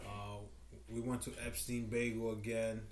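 A man's voice: fairly low pitch, flat delivery, normal speed, reverberant, a little hiss or hum. A man co-hosting a podcast, telling stories in a rambling, laid-back casual chat. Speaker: podcast co-host.

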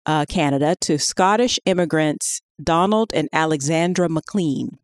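A woman co-hosting a podcast, telling a story in a casual, animated way with laughter and many fillers. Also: low-pitched, unhurried, no room sound, clean studio sound. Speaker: podcast co-host.

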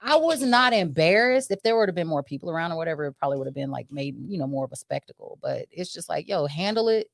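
A woman co-hosting a casual chat, telling a story in an animated, profane way and acting out what people said. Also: deep voice, fast talker, creaky, few pauses, no echo, studio quality. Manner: animated, profane, acts out quotes. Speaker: co-host.

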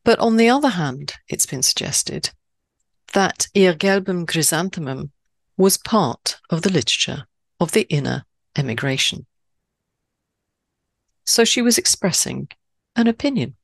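A woman from Switzerland hosting a poetry podcast in scripted narration, stressing key words with sudden high leaps. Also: animated, measured pace, vocal fry, long pauses, dry recording, clean studio sound.

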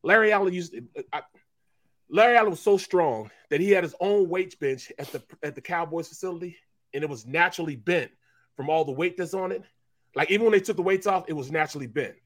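A man's voice: a little high, fast, dry recording, clean studio sound. A middle-aged man, a former pro football player, co-hosting a sports talk show with emphatic, slangy storytelling.

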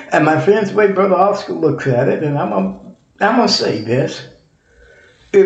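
A man's voice: medium pitch, a little mellow. A man preaching a sermon, reading scripture aloud and often repeating and correcting himself. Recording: echoey room.

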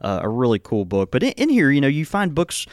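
A man's voice: medium pitch, wildly swooping pitch, brisk, no echo, clean studio sound. An American man hosting a pipe tobacco podcast, rambling with many fillers and restarts. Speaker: pipe tobacco shop host. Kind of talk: casual podcast chat.

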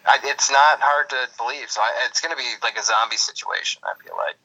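A man's voice: mid-range voice, big pitch swings, fairly quick, creaky, bright, forceful tone. A man hosting a podcast over the phone, ranting in a casual, profane, sarcastic way. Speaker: podcast host. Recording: phone call recording.

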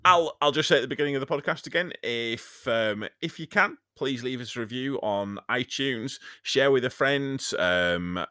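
A man's voice: medium pitch, moderate pace, hardly any pauses, pushed and bright, dry recording, clean studio sound. A man hosting a casual podcast, rambling and jokey, with lots of fillers and restarts. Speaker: podcast host.

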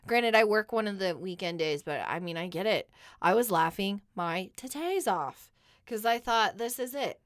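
A woman's voice: mid-range voice, animated, normal speed, dry recording, studio quality. A woman co-hosting a podcast, chatting candidly with jokey banter. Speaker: podcast co-host. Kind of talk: casual chat.

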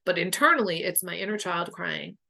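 A woman's voice: on the low side, expressive, a little fast, vocal fry, pushed and bright. A woman guest and boundaries coach telling personal stories in a frank, emotional way, swearing freely. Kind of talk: candid conversational storytelling.

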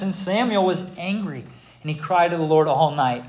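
A man preaching a sermon, animated and theatrical, acting out scripture and laughing along. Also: a little high, moderate pace, reverberant, poor audio. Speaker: pastor.

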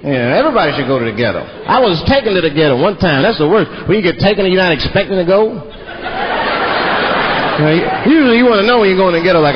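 A man from Washington, D.C. doing a stand-up comedy set in a theater, animated and jumping into mimicked voices. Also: a little high, quick pace, noisy background. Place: theater stage before a live audience. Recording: muffled live stage recording with loud crowd.

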